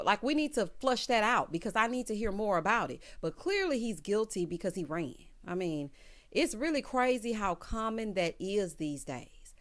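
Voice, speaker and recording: Sassy woman recapping a TV episode. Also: mid-range voice. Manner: chatty, quotes characters in lively retellings; sassy asides, calls viewers girl and honey. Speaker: TV recap host. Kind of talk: casual episode recap chat.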